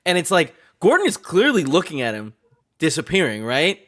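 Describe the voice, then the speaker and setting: Higher voiced guy on a podcast, super swingy pitch, jumps in w pushback. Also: huge pitch swings, moderate pace, a bit bright. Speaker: podcast co-host. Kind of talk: casual movie review chat.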